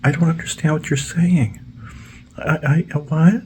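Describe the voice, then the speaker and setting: A man's voice: a little high, fairly even intonation, measured pace, darkish tone, a little hiss or hum, pitched above the performer's own voice, lightly acted. A man voicing a confused male lawn worker who stammers and doesn't understand anything said to him. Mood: baffled. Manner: baffled, stammering.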